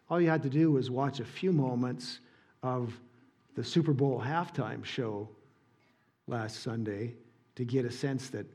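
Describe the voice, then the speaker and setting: A man preaching a sermon in church, earnest and emphatic, dropping soft on key points. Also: mid-range voice, measured pace, husky. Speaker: pastor.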